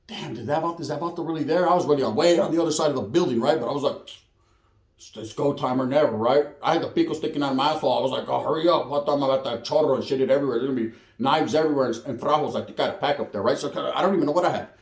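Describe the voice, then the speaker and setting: A man's voice: mid-range voice, very fast, reverberant. A man telling a prison story in casual slangy street talk with Spanish words, acting out the other people's lines.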